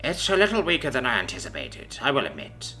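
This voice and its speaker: Man doing a silky dragon ruler woman, menacing, bright tone, very lively pitch. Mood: cool menace. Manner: measured, silky and threatening. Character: imperious female dragon ruler, cool and menacing. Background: faint background music.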